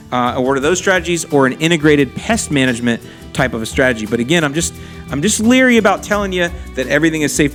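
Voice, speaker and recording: A man's voice: medium pitch, a bit bright. A man hosting a casual podcast, answering listener questions with chatty, friendly advice and asides. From Florida. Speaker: podcast host answering lawn care questions.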